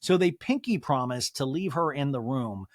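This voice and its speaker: A man hosting a podcast, chatting casually and excitably, laughing often and slipping into exaggerated voices for quotes. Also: medium pitch, normal speed, no room sound, studio quality. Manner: jumps into exaggerated voices when quoting people. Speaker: podcast host. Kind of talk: casual chat recapping a TV episode.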